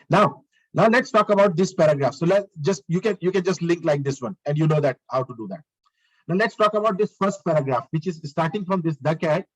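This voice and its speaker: A man's voice: a little high, breathy edge, poor audio. A male lecturer giving a live online coding lesson. He talks through each step as he works, repeats his phrases and asks the class questions.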